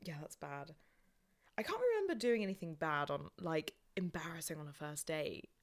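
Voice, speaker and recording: A woman co-hosting a podcast, chatty and quick to react. Her pitch bounces around a lot. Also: lively intonation. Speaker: podcast co-host. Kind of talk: casual chat.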